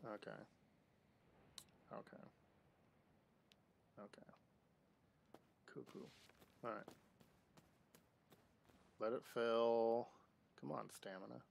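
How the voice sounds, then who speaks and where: Slow gravelly man streaming a game. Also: on the low side, a little hiss or hum. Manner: chatty, talks to in-game objects. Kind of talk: live gameplay commentary.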